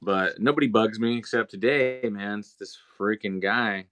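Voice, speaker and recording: A young man hosting a podcast, telling a story in a relaxed, rambling way with lots of fillers. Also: on the low side, normal speed, no room sound. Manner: laid-back rambling with many fillers. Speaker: podcast host. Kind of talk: casual storytelling chat.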